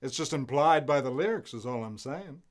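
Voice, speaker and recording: An actor playing a sly old-time male crooner who speaks with a transatlantic accent in a smooth drawl, full of innuendo. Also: medium pitch, lively intonation, moderate pace, lightly acted. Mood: smug. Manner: sly, innuendo-loving, feigning innocence. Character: smarmy male crooner, impression of a famous 1940s singer. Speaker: recording singer.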